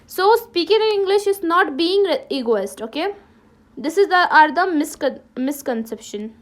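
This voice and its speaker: A woman's voice: very high voice, expressive, normal speed. A woman teacher with a Ladakhi accent, giving a classroom lesson and checking in with "okay?" after nearly every sentence, often restarting and correcting herself. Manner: many restarts and self-corrections.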